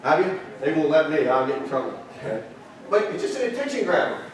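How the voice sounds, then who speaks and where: A man's voice: fairly high pitch, big pitch swings, fast talker. Man lecturing in an echoey hall. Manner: fires rhetorical questions at the audience. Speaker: seminar presenter. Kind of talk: marketing seminar lecture. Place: hotel conference room. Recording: echoey hall, distant mic, audience present.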